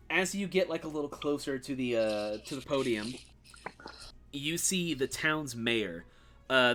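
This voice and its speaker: Bright-voiced man running a tabletop game. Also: mid-range voice. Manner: casual, rambling, with many fillers. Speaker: game master.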